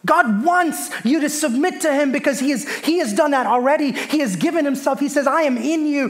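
A pastor in his thirties delivers a lively sermon in a notably high-pitched voice. He preaches with a storyteller's flair, slipping into soft, hushed voices when he acts out his children and God. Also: brisk, hardly any pauses.

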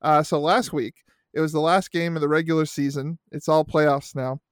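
A man's voice: a little high, fairly even intonation, normal speed, smooth, dry recording, clean studio sound. A middle-aged man in casual podcast chat, telling rambling, profane youth-sports stories. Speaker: podcast co-host and youth baseball coach.

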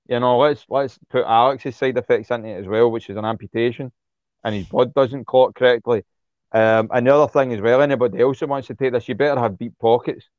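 A medium-pitched man gives impassioned, casual interview talk as a guest, speaking bluntly and heatedly, swearing freely, and repeating himself when agitated. The recording is dry and muffled.

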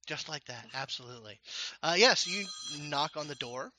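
A man narrating a tabletop game as game master, rambling and halting with many fillers. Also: a little high, lively intonation, sharp tone, rough recording.

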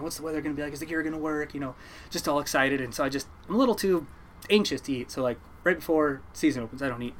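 A man's voice: medium pitch, a bit bright, a little hiss or hum. A man, a fisherman, telling a rambling story in a casual interview, with frequent restarts and fillers.

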